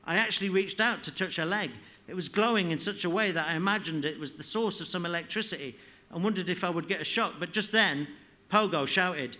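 Man, author reading, bright clear voice, fairly high pitch, measured storytelling. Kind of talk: live reading of fiction.

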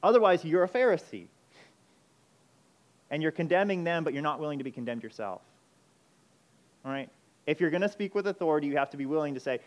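A man preaching a sermon, emphatic, moving between urgent loud passages and quiet intense ones. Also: on the high side, expressive, brisk, pauses often. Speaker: pastor.

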